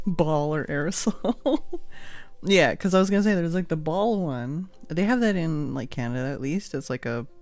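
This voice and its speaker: A woman's voice: deep voice, sing-song, measured pace, darkish tone, no room sound, soft background music. A woman hosting a casual livestream, chatting in a rambling way and laughing often. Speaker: livestream host. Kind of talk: casual chat while making art on stream.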